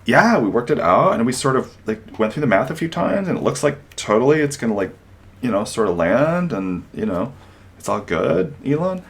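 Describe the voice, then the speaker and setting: A man's voice: medium pitch, very animated, fairly quick, creaky, hardly any pauses, mellow, husky, voice pushed up, heavily acted. A man voicing an airy, noncommittal male employee who answers his boss in lilting upspeak. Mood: breezy.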